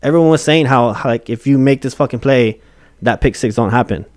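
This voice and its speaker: A man's voice: medium pitch, brisk, a little mellow, no echo, clean studio sound. A man in a casual sports argument, stubborn and profane, insisting he is right.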